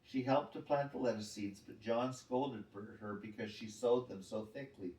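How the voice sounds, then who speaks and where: Guy reading a kids' book, calm and steady, echoey room, mic a bit far off. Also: mid-range voice, moderate pace, hardly any pauses. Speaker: storyteller. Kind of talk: reading a children's book aloud. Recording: roomy, distant mic.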